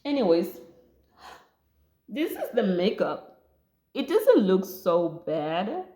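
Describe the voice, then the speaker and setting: A woman's voice: mid-range voice, takes it slowly. A young woman, telling a story in a casual vlog and animatedly acting out what people said. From Namibia. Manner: animated, acts out quoted voices. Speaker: vlogger. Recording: roomy echo.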